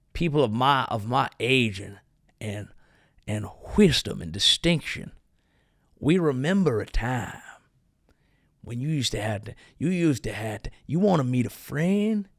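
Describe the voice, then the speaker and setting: A man's voice: medium pitch, expressive, slow pace, long pauses, a bit bright, dry recording, studio quality. A man hosting his own comedy show, delivering a sarcastic, riffing monologue. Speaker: comedian host.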